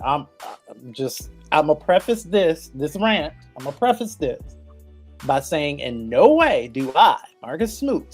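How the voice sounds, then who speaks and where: A man's voice: fairly high pitch, husky. A man hosting a podcast, delivering a blunt, emphatic and profane opinion rant. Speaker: podcast host.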